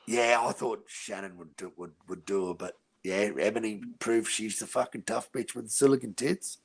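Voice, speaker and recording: A blunt, profane man with an Australian accent holds forth in casual chat, tossing in "mate" every few words. His voice sits low and gravelly. A husky edge roughens his speech. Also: steady tone, normal speed. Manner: blunt, crude and profane, says "mate" a lot. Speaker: podcast host.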